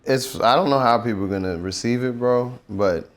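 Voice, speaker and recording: A young man from Nigeria, a musician, talking in a relaxed, reflective way in a casual interview. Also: medium pitch, moderate pace. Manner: relaxed, reflective, slips into rap flows.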